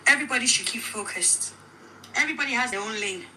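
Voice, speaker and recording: A woman with a Nigerian accent, telling her own account as a widow, animated and quoting others in dialogue. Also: fairly high pitch, fast talker, noisy background. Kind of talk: emotional personal account.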